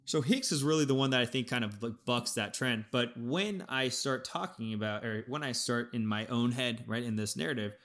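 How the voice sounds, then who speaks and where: Animated man breaking down football. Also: medium pitch, moderate pace, few pauses. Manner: animated, thinking aloud with restarts. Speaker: podcast co-host. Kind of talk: casual sports podcast analysis.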